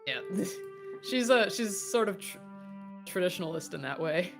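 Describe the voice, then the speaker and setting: A woman's voice: lowish voice, expressive, normal speed, vocal fry, music in the background. A woman player rambling casually about her character, with many fillers and laughs. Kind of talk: casual tabletop role-play.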